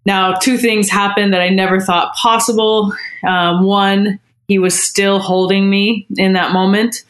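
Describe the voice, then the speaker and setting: A woman guest on a podcast, telling a personal story in a candid, heartfelt way with frequent pauses and restarts. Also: mid-range voice, little pitch movement.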